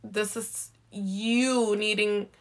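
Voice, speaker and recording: A woman giving a live zodiac card reading in a gentle, reassuring way, repeating herself and often checking in with "okay?". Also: medium pitch, fairly even intonation, very slow. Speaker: intuitive card reader.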